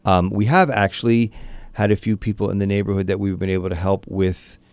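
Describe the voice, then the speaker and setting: A man, a priest, speaking in an interview and telling a story earnestly, with frequent restarts and lively animation. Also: low voice, brisk, smooth, dry recording.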